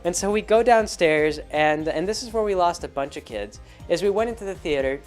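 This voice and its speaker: A man's voice: sits high, brisk, faint music behind. A man hosting his show, telling a rambling story about a tabletop game with many restarts. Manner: rambling, animated, full of restarts. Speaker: host. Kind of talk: casual storytelling monologue.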